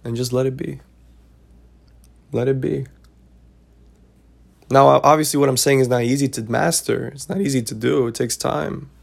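A man's voice: medium pitch, steady tone, normal speed, creaky, long pauses, slightly rough. A man hosting a podcast, talking casually and preachily about life lessons, repeating himself and checking in with "right?". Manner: preachy, repetitive, keeps asking "right?". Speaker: podcast host. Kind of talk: casual advice monologue.

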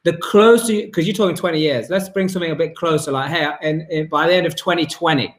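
A man's voice: a little high, quick pace. A man hosting an interview, asking probing questions and explaining ideas at length with many fillers. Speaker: host. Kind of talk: interview and motivational talk. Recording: echoey room.

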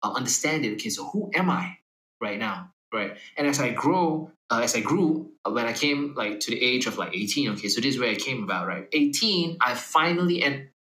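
A young man with an American accent and a bright, forceful voice speaks in a loose, slangy, rambling way. He talks as an interview guest, and the room around him adds a noticeable echo. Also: medium pitch, animated, a little fast. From Malaysia. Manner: slangy, rambling, frequent fillers and laughs. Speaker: rapper guest. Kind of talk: casual conversational interview. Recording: echoey room.

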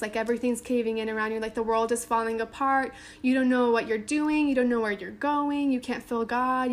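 A woman giving a casual Bible teaching to a small group, reading scripture aloud and then retelling it in everyday talk with lots of "like" and "um". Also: on the high side. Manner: conversational, lots of "like" and "um"; reads scripture aloud then paraphrases informally.

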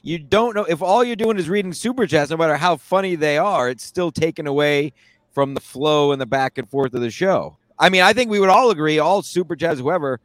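A man's voice: on the high side, expressive, fairly quick, a bit bright, no echo. A man co-hosting a podcast, talking in an opinionated, emphatic way. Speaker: podcast host. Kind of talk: casual podcast chat.

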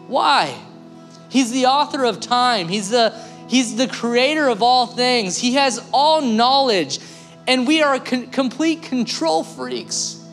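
A man preaching a sermon as pastor, animated and acting out the voices of people he quotes. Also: very high voice, slow pace. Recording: long hall reverb, faint music.

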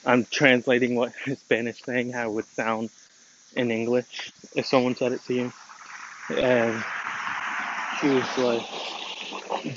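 A man's voice: medium pitch, little pitch movement, unhurried, pauses often. A man talking casually in a rambling, hesitant way, full of fillers and restarts. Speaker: storyteller explaining a family matter. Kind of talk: casual monologue. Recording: dull lo-fi recording with clear background noise.

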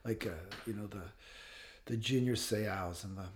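A man's voice: on the low side, unhurried, slight background noise. A man of fifty speaking as an interview guest, blunt and passionate, swearing freely. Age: 50s. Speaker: guest author. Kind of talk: casual interview talk.

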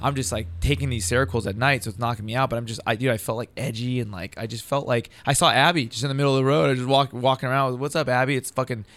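A man's voice: medium pitch, fairly even intonation, very fast, few pauses, fairly bright tone. A man, a stand-up comedian, telling a long rambling story in casual chat, swearing and saying "dude" constantly. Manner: rambling, profane, says dude a lot. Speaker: podcast guest, stand-up comedian.

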